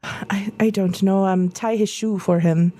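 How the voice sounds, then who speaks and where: A woman voicing an evasive, gracious woman of uncertain age who talks in a measured, hesitant, polite way. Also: medium pitch, steady tone, mellow, natural voice. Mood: vague, polite.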